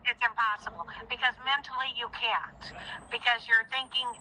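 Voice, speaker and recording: A middle-aged woman talking earnestly in a chat, repeating herself and turning heated and shrill as she goes on. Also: moderate pace, pushed and bright, a little hiss or hum, rough recording. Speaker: guest sharing her story. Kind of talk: emotional phone-in chat.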